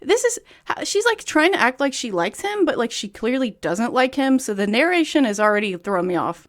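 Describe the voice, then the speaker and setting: A woman's voice: a little high, sing-song, moderate pace, hardly any pauses. A young woman reading a book aloud and breaking in with sarcastic, nitpicky commentary in a casual tone.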